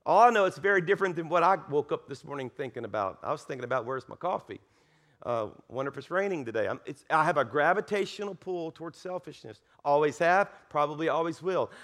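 Animated preaching man, higher voice. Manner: animated storytelling with laughs and repeated words. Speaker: guest pastor. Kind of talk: sermon.

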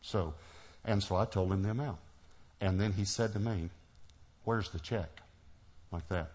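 A middle-aged preacher with a fairly low voice tells a personal story from the pulpit. He acts out each exchange and laughs as he goes. The delivery is lively storytelling rather than a lecture. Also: moderate pace. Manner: animated storyteller, acts out dialogue, laughs often. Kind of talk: sermon storytelling.

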